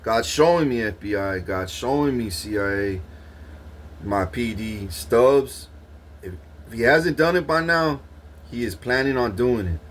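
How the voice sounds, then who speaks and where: A man's voice: mid-range voice, animated, unhurried, a little hiss or hum. Rambling, profane man. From Corpus Christi, Texas. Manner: rambling, profane street talk with frequent restarts. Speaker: vlogger. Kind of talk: casual monologue recounting a dream.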